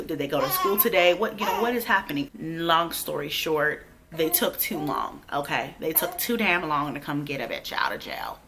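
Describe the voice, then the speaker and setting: A pregnant young woman, telling a storytime vlog in a blunt, profane, animated way. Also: low voice, moderate pace, noisy background. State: heavily pregnant. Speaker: vlogger.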